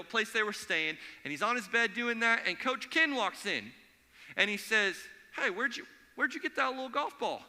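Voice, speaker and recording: A man preaching a sermon in a church, telling stories in an animated way and acting out the voices of the people in them. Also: high-pitched, big-room sound. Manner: animated storytelling, acts out quoted voices. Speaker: pastor. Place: church sanctuary.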